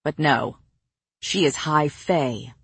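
A woman voicing a protective male warrior who speaks too quietly and firmly. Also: sits low, slow pace, husky, no echo, pitched below the performer's own voice, exaggerated voice.

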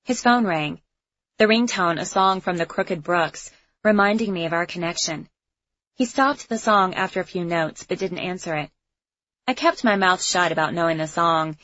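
A woman reading a first-person novel aloud with an expressive, introspective delivery. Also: on the low side, moderate pace, dry recording, muffled recording. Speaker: audiobook narrator. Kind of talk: first-person audiobook narration.

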